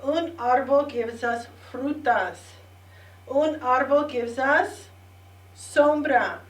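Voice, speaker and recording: A middle-aged woman teaching a bilingual children's lesson, repeating words clearly and prompting the listeners to say them back. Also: sits high. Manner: slow, clear repetition with call-and-response prompts. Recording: echoey room, distant mic.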